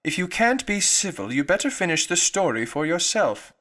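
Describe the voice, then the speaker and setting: A man voicing a sleepy, indignant little male dormouse with a hoarse, feeble voice. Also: high-pitched, big pitch swings, sharp tone, pitched above the performer's own voice, exaggerated voice. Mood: sulky. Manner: drowsy, hurried then slow, sulky.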